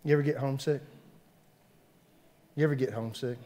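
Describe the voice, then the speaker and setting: A middle-aged man with a Southern US accent preaching a sermon in a conversational way, repeating phrases and swinging between loud and hushed. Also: medium pitch, fairly even intonation, brisk, big-room sound. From Southern United States. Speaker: pastor.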